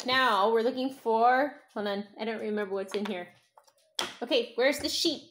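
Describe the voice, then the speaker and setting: A young woman teaching a toddler phonics at home, sounding out letters slowly in a sing-song, encouraging way. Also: fairly high pitch, background noise. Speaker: parent teaching a child to read.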